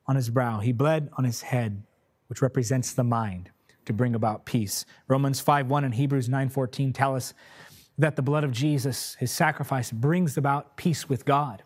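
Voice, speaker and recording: A man's voice: medium pitch, normal speed, a little mellow, slightly rough. A man preaching a sermon in a repetitive, declarative cadence, then praying fervently for listeners. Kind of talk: sermon with closing prayer.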